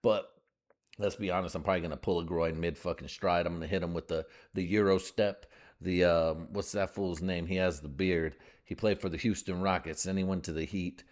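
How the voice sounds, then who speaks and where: Podcast host, man, 30s, lowish voice, loose profane rambler who laughs through his own jokes. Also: steady tone, fairly quick, a little mellow. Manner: rambling, joking, laughs often, swears a lot; breaks into put-on voices for bits. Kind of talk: crude casual monologue.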